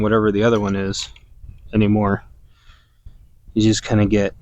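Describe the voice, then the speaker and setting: Slow, musing man rambling in his garden. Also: lowish voice, no room sound. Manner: musing, meandering, loses words. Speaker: podcast host. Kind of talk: casual rambling monologue. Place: outdoors in a garden orchard.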